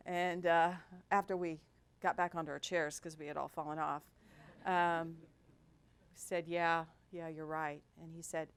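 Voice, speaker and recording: A woman's voice: sits low, unhurried, smooth. A middle-aged woman, a hospital executive, giving a talk and telling workplace stories with humor, acting out the voices she quotes. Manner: animated, acts out quoted voices, self-deprecating humor. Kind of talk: storytelling business talk. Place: lecture event.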